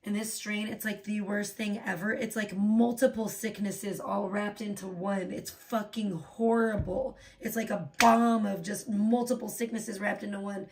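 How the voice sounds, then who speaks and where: A woman hosting a casual livestream, recovering from a sore throat and ranting with heavy profanity, jumping from low, tired talk to loud outbursts. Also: steady tone, unhurried, hardly any pauses, a little hiss or hum. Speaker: livestream host. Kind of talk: casual livestream chat reading donations.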